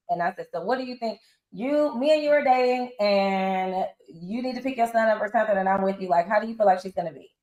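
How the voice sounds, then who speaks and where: A woman's voice: lowish voice, roomy sound, highs cut off. A woman in her forties, a reality show guest telling her story bluntly and casually with slang, acting out other people's lines. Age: 40s. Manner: animated, acts out others' lines in quotes. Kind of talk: candid interview storytelling.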